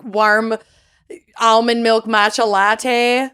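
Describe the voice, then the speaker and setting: A woman's voice: fairly high pitch, level tone, drawn-out words, pushed and bright, clear, resonant tone. A woman co-hosting a podcast in casual, playful banter, laughing and swearing freely. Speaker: podcast co-host.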